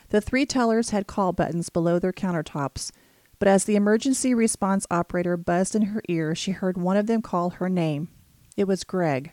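A woman narrating an audiobook thriller in a steady, measured reading. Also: fairly low pitch, dry recording.

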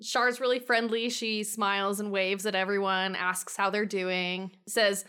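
Casting: woman player, bright and clear, easygoing narration. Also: medium pitch, level tone, measured pace, hardly any pauses. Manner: easygoing, chatty. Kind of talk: narrating her character's actions.

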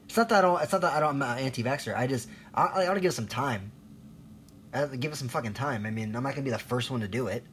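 A man's voice: mid-range voice, rapid-fire, fairly bright tone, slight background noise. A man in his thirties ranting in a rambling, profane, sarcastic monologue, laughing at himself now and then. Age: 30s. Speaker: vlogger.

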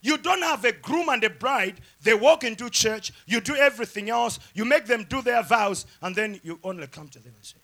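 High, gravelly man preaching emphatically. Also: expressive, moderate pace, few pauses. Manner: emphatic preaching with repeated phrases; swings from loud shouting to quiet asides. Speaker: pastor. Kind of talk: sermon.

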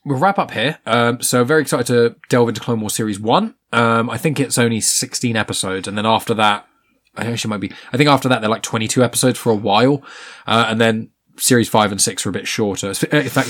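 A man hosting a podcast in casual chat, animated and emphatic with strong opinions. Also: medium pitch. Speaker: podcast host.

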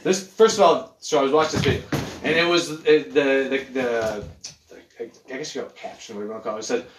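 A man chatting casually as a podcast host, animated and profane, often restarting his sentences. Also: medium pitch, fast talker, noisy background. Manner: animated, swearing, restarts a lot. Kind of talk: casual chat. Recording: echoey room.

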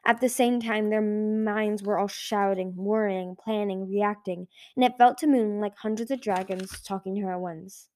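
A woman reading a children's fantasy novel aloud in a measured way, with small slips and restarts. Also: medium pitch, fairly even intonation, a little mellow. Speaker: audiobook reader. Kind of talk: storybook read-aloud.

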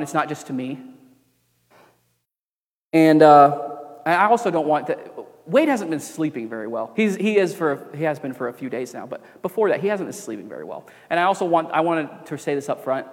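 A young man preaching a sermon as pastor, earnest, moving between emphatic preaching and quiet, confiding storytelling. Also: fairly high pitch. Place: church sanctuary. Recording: long reverb of a church hall.

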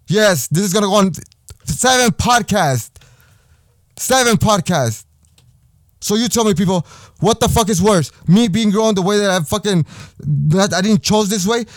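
A young man with a high-pitched voice hosts a podcast, ranting in a heated, profane, repetitive way. His voice sits dry and close with no room echo. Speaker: podcast host. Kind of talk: angry personal rant.

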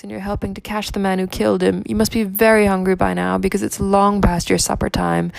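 A woman voicing a sweetly bright, anxious young housewife in a read-aloud story, with a gravelly edge. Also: medium pitch, no echo, lightly acted.

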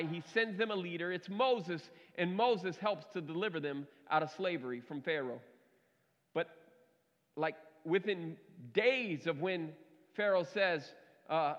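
A pastor preaching a conversational, emphatic sermon, heard in a reverberant hall on a dull recording. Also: male voice, high voice, fairly bright tone.

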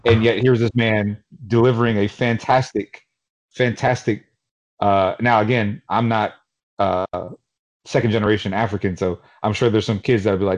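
A man from Queens, New York, co-hosting a podcast in casual chat, telling stories in an animated, rambling way with lots of fillers. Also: on the low side, moderate pace, dull audio. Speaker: podcast co-host.

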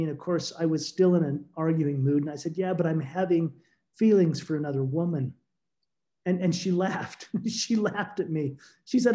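Earnest man with a warm, mellow voice. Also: fairly high pitch. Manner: halting, repeats words when emotional; earnest and reflective. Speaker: guest author. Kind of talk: personal storytelling interview.

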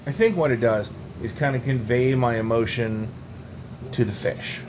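A young man co-hosting a podcast, telling absurd tall tales in a deadpan, rambling way. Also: medium pitch, moderate pace, noisy background. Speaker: podcast co-host. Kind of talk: absurd comedic banter.

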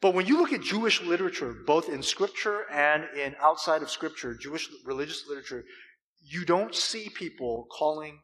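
A man preaching a sermon with impassioned swells and dramatic pauses, from California. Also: fairly high pitch, lively intonation, a bit bright. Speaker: pastor. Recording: long hall reverb.

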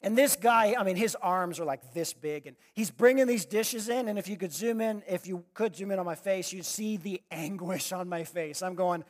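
Male speaker with a high voice for a sermon, animated and direct with the crowd, dramatic swings in volume. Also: normal speed, few pauses. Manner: animated, swings from loud exclamations to quiet asides; addresses the audience directly with questions. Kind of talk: storytelling sermon.

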